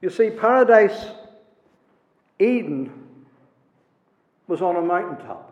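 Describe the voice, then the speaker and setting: A man preaching a sermon with passion, swinging between soaring lines and hushed ones. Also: sits high, lively intonation, takes it slowly. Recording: echoey hall, dull lo-fi sound.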